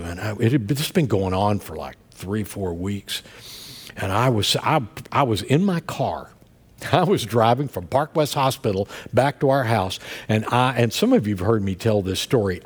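A middle-aged male pastor preaching and telling a story to his congregation, swinging between soft murmurs and loud outbursts. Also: medium pitch. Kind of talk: sermon. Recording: long hall reverb.

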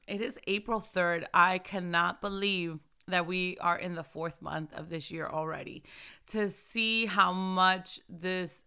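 A woman in her thirties hosting a casual, heartfelt Christian talk show, lively and laughing often, speaking into a microphone. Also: on the low side, gravelly, smooth. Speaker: host of a Christian ministry video show. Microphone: microphone in front of her.

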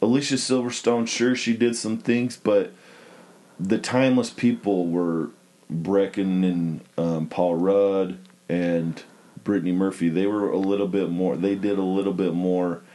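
A man casually talking about a movie with friends, relaxed and rambling, with many fillers. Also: deep voice, unhurried.

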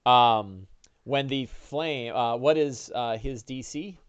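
Male dungeon master, mid-pitched, animated narration with fillers, dry close mic. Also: slow, clear, resonant tone, no room sound, muffled recording. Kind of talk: narrating a tabletop game.

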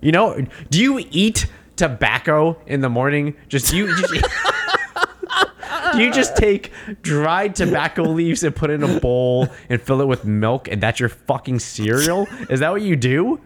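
A man in a casual film chat, rambling in an animated and exasperated way. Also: a little high, measured pace, slight background noise.

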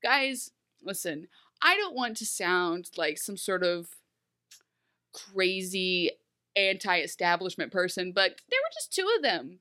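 A woman co-hosting a casual chat, animated and quick to laugh, often dropping into little character voices. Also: fairly low pitch. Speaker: podcast co-host recapping a TV episode.

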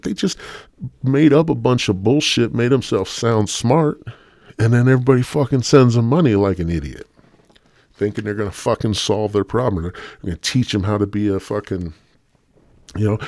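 Male podcast host, lowish voice, dry close sound, rambling profane rant. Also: a little mellow, no room sound. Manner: rambling, heavy swearing; sardonic, joking asides. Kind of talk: casual solo rant.

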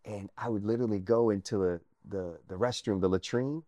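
The clip features a male army veteran who, as an interview guest, tells his life story earnestly and animatedly, sometimes dropping close to a whisper. His pitch is fairly low, he talks a little fast, and the recording is dry.

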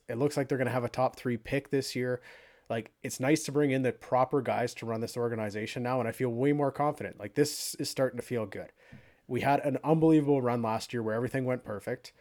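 Animated rambling sports-talk guy. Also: medium pitch, a little fast. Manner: rambling, animated, many fillers. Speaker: podcast co-host. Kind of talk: casual sports chat.

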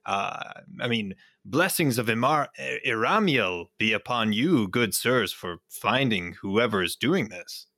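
A man voicing a fawning stranger wrapped head to toe who feigns a terrible sickness, overly polite and flattering. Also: lowish voice, slow pace, few pauses, no echo, clean studio sound. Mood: ingratiating.

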